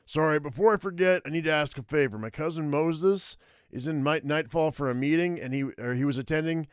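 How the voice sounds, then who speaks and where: Tired phone-call buddy, hurried and apologetic, smooth clear voice, dry close sound, read by a man. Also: a little high, dry recording, close to an everyday voice. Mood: weary. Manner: rambling, apologetic, with filler-laden restarts.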